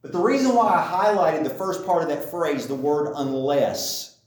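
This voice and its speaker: A man's voice: a little high, normal speed. A man preaching a sermon in a conversational way, often repeating phrases for emphasis. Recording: echoey room, mic at a distance.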